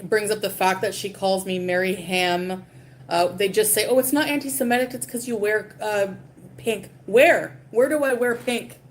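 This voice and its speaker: A woman's voice: fairly low pitch, slight background noise. A woman livestreaming, ranting casually in a dismissive, profane and rambling way.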